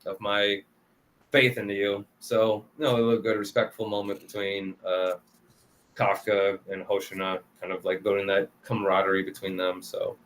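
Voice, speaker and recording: A man casually recapping anime episodes for a review show, talking loosely with lots of fillers and quick laughs. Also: low voice, flat delivery, slight background noise. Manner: loose and chatty, full of "like" and "kinda", laughs often.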